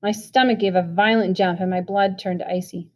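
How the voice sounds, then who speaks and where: A woman reading a novel chapter aloud in an even storytelling manner. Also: mid-range voice, moderate pace. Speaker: reader.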